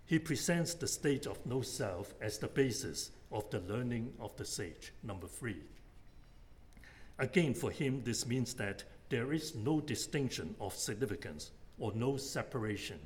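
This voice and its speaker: A man's voice: lowish voice, lively intonation, slight background noise. Methodical male lecturer. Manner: measured, methodical, enumerating points. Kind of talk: academic lecture.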